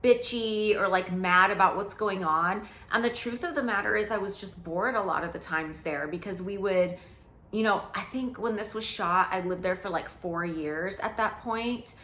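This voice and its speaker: A woman's voice: mid-range voice, moderate pace, pushed and bright, reverberant, a little hiss or hum. A woman in her forties chatting candidly through a reaction commentary, self-mocking, with lots of "like". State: out of breath. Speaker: host reacting to her old TV show. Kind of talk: casual commentary vlog.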